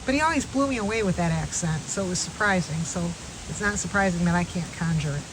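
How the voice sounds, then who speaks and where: A woman's voice: lowish voice, lively intonation, fast. Chatty woman filming her backyard animals. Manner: chatty, rambling, calls out to backyard animals by name. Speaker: wildlife vlogger. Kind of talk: casual backyard vlog chat. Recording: outdoor recording with clear background noise.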